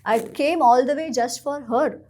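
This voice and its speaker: A woman voicing a grief-stricken young prince who pleads frantically and rushes his words as he searches for his lost wife. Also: high voice, a little mellow. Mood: despairing.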